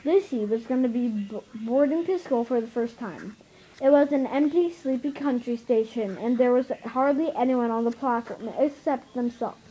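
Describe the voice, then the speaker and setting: A woman reading a children's novel aloud, halting with many stumbles and restarts. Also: on the high side, mellow, breathy edge, poor audio. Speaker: reader.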